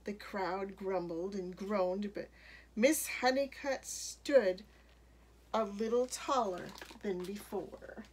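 A woman with a mid-range, slightly breathy voice reads a children's picture book aloud. Her storytelling is expressive and deliberate.

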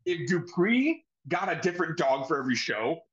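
A man's voice: on the high side, moderate pace, lo-fi sound, a crowd in the background. A man co-hosting a podcast in casual chat, swearing freely and trading laughing banter. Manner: animated, profane, laughing banter. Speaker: podcast co-host.

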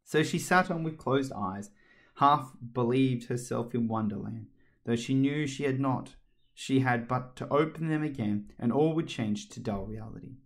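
A man narrating a children's story aloud with a steady, expressive read and the odd slip. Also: mid-range voice, moderate pace, vocal fry. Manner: steady, expressive reading with small slips.

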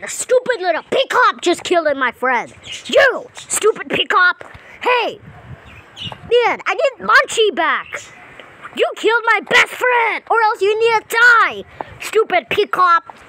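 A woman giving playful gameplay commentary, excitable and repetitive, talking to the characters on screen. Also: very high voice, a little slow, poor audio. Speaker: gameplay channel host.

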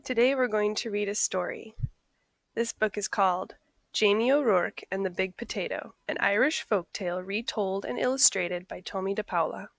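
A woman reading a picture book aloud in a friendly, expressive storytelling voice. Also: mid-range voice, moderate pace, vocal fry, no echo. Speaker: storybook reader.

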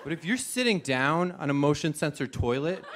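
A man's voice: a little high, expressive, normal speed, fairly bright tone. A man performing a self-mocking stand-up comedy set on a TV stage, acting out silly voices. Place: TV studio stage with live audience. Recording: audience laughter and studio noise. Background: audience laughing.

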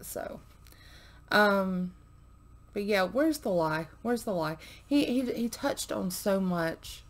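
A woman's voice: medium pitch, expressive, slow pace. A woman hosting a reaction video, chatting casually to viewers, with many fillers, sometimes dropping to a murmur.

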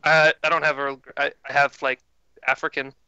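Hesitant bright-voiced young man. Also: on the high side, flat delivery, brisk, smooth, dry recording, muffled recording. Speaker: player. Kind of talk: casual tabletop game chat.

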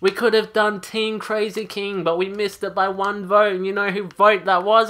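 Guy ranting and swearing over his game footage, sharp bright voice, fed up. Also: sits high, fairly even intonation, a little slow, few pauses, smooth. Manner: profane, exasperated ranting. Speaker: gaming channel host. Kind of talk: angry gameplay rant.

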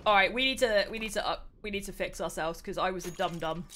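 A young British woman hosting a casual gameplay livestream, excitable, chatty and quick to mock herself. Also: mid-range voice. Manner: excitable, chatty, self-mocking. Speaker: streamer host.

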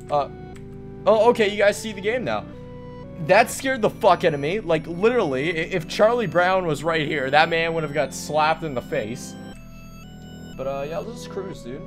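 Hyper, rambling young gamer guy. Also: fairly high pitch. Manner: hyper, rambling, jokey, with sudden loud outbursts. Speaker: gaming commentator. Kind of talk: let's play commentary. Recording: faint game music behind.

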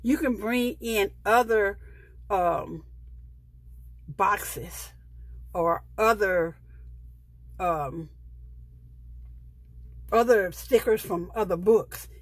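A middle-aged woman talks her viewers through a sticker book. Her voice is soft and a little husky, and she speaks in an unhurried, chatty way. She gushes over each page. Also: medium pitch, no room sound. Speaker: planner vlogger. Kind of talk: casual show-and-tell of a sticker book.

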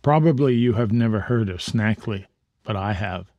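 A man reading the part of a genial middle-aged detective father, calm and measured. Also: on the low side, no echo, dull audio, lightly acted.

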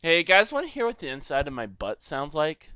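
A man's voice: on the high side, huge pitch swings, brisk, clear, resonant tone, no room sound. Goofy young man rambling over gameplay. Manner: goofy, rambling, bursts into loud silly shouting. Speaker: gameplay commentator. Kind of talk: solo gameplay commentary. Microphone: desk microphone.

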